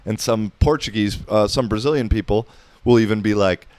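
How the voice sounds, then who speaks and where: At a moderate pace, a man in his thirties from the US hosts his podcast in a fairly low, darkish voice that's clear and resonant on a dry recording. He sounds relaxed and profane, with plenty of filler words as he rambles.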